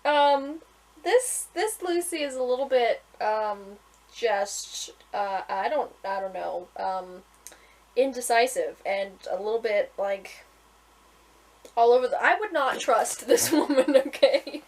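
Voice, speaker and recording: A woman's voice: a little high, lively intonation, takes it slowly, rough recording. A woman author in a casual vlog, reading aloud from her own book, chatty and often breaking into giggles. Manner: giggly, keeps breaking into laughter; chatty, with many fillers and restarts.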